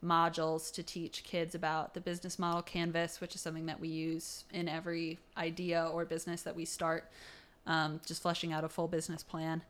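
A woman's voice: on the low side, clean tone. A young adult woman, a college student, chatting in an interview, upbeat and full of "um" and "like". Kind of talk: casual interview chat.

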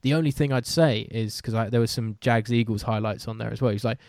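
Chatty British commentator, dry sound. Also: male voice, lowish voice, steady tone, fast, darkish tone, no room sound. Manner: chatty, self-deprecating, many fillers and restarts. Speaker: host and sports commentator. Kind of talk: casual podcast chat.

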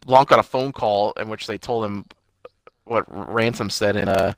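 A man's voice: fairly low pitch, moderate pace, creaky, no room sound. A man co-hosting a casual movie review podcast, retelling the plot with quoted lines and loose swearing. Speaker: podcast co-host.

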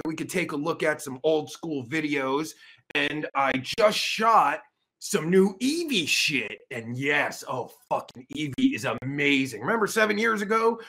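A man runs a livestream in a loud, crude, rambling rant. His voice is gravelly and husky with a bright, forceful edge. It swings widely in pitch. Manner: loud, crude, rambling, with sudden mocking outbursts. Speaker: livestream host.

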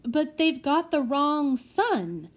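Flustered young boy hero, read by a woman, high and deliberate. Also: sing-song, heavily acted. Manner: impatient, flustered.

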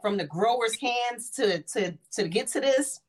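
A woman's voice: a little high, measured pace. A woman in her forties, co-hosting a casual chat, telling stories and acting out what people said to her. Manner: animated storyteller, acts out quotes. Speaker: podcast co-host.

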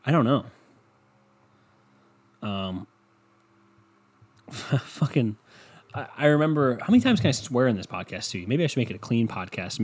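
A man's voice: mid-range voice, husky. A young man hosting a solo podcast, ranting in a rambling, sarcastic and profane way. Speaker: podcast host. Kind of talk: casual solo podcast rant.

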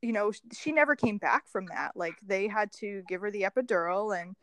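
Young woman guest, lively storyteller who plays out the dialogue; dry, close recording. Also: mid-range voice, brisk, no echo. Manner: animated, acts out quoted dialogue, laughs often. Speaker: guest sharing birth story. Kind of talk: casual conversational storytelling.

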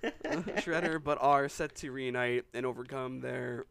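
A man's voice: mid-range voice, unhurried, vocal fry, a bit bright, no room sound. A man in his twenties co-hosting a casual chat, tired, stammering and laughing often. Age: 20s. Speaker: podcast co-host.

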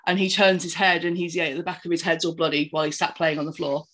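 A woman, chatting casually as a podcast co-host and retelling a film in an animated, rambling way. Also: low-pitched, fast. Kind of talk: casual chat recapping a film.

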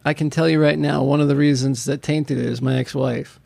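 A man co-hosting a casual podcast chat, rambling and animated. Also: mid-range voice, brisk, creaky, no echo. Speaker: podcast co-host.

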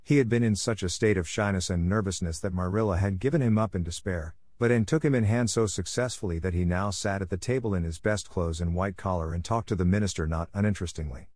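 A man narrating a classic storybook in a measured, steady reading. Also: deep voice, dry recording. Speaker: audiobook narrator.

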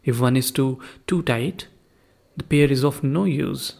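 A man's voice: medium pitch, a little slow, vocal fry, a little mellow. A man voicing a poor, pious husband who lectures his wife in a sermonizing way. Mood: lecturing.

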